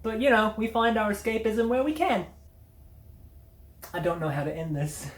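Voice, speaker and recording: A woman's voice: a little high, very animated, normal speed. A woman hosting a casual media review, blunt, sardonic and full of swearing. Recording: roomy echo.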